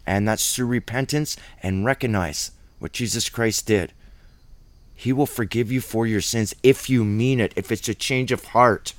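Man, bible study teacher, conversational sermon, dry close sound, average pitch. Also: normal speed, dry recording. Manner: conversational, plain-spoken, reads scripture aloud.

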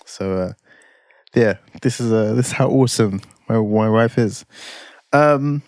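A man's voice: fairly low pitch, unhurried, a little mellow, no room sound. Man chatting with dry teasing humour. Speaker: podcast co-host. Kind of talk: casual chat.

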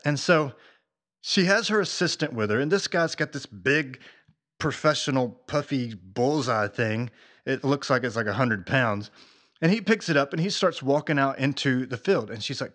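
A man hosting a faith talk, telling a story in a lively, conversational way with casual fillers. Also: mid-range voice, moderate pace. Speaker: faith podcast host.

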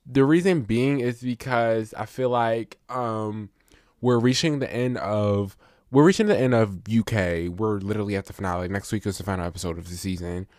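A man's voice: fairly low pitch, moderate pace, darkish tone, no room sound, clean studio sound. A man hosting his own podcast, talking casually and rambling with lots of fillers, getting emphatic when he rants. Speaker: podcast host. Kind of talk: casual solo podcast review.

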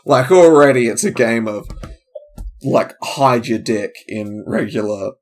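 A man's voice: medium pitch, lively intonation, a little slow, a little mellow, slight background noise. A man hosting his own comedy podcast solo, chatting loosely and drifting from one tangent to the next. His voice sits in an ordinary middle register, and he often trails off mid-thought before circling back. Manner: casual, loose and digressive, trailing off, many fillers. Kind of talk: rambling solo podcast chat.

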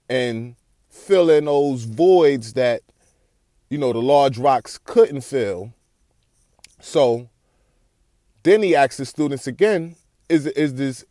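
A man's voice: mid-range voice, warm tone, dry recording. Rambling man telling a story, dry close mic. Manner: loose, rambling, self-correcting, jokey asides. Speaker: solo podcaster. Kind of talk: casual storytelling monologue.

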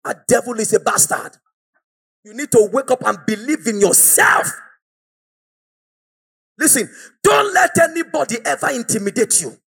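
A man preaching a fiery, exhorting sermon and often shouting out to the congregation. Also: extremely high pitch, animated, moderate pace, creaky, pauses often, breathy edge.

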